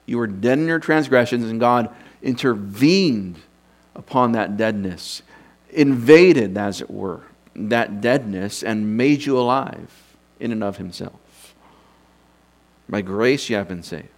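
A man's voice: fairly low pitch, lively intonation, slow pace. A man teaching from scripture in an unscripted sermon, thinking aloud and posing rhetorical questions to his listeners. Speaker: preacher teaching doctrine.

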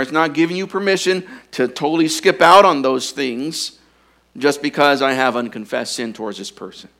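A man preaching a sermon, earnest and urging, often dropping to a quiet intensity to press his points. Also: a little high. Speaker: pastor.

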